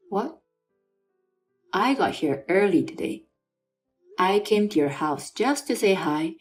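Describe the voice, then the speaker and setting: A woman's voice: medium pitch, natural voice. A woman voicing a stern aunt who firmly scolds her nephew, in a scripted story reading. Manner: firm, scolding.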